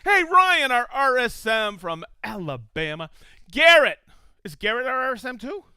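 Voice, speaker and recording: A man's voice: very high-pitched, big pitch swings, moderate pace, sharp tone, clean tone, no echo, studio quality. An enthusiastic man hosting a casual live stream, chatting and calling out viewers' locations one after another. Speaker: host of a live tool show.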